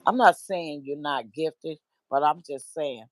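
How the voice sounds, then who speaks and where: A woman's voice: sits low, measured pace, dry recording, poor audio. A woman guest on a livestream, telling stories in a gossipy way with frequent laughter. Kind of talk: casual chat.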